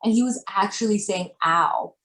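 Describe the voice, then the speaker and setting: A woman's voice: medium pitch, animated, fairly quick. A woman in her thirties, a parent and podcast guest, talking in a casual, emotional way. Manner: emotional, breaks into tearful laughter. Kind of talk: casual interview conversation. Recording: echoey room with background noise.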